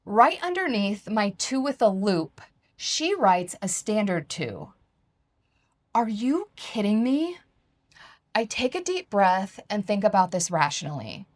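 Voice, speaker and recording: Woman, memoir reading, calm and reflective, mid-pitched voice, dry close sound. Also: dry recording. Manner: calm, reflective, measured storytelling. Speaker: author reading her travel memoir. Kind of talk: first-person memoir reading.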